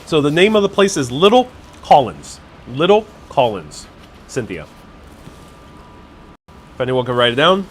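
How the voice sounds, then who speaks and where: With a wireless clip-on mic, a man vlogs live from a city cafe, sampling food and talking casually to viewers, his thoughts spilling out with fillers and false starts. The voice is on the high side and very animated yet unhurried, broken by long pauses, with a little hiss or hum.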